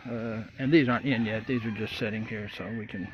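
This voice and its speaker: Folksy rambling man, casual shop walkthrough, muffled lo-fi sound, loud roosters and traffic behind. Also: on the low side, steady tone, fairly quick. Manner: folksy, rambling, many fillers. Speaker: vlogger building a boat.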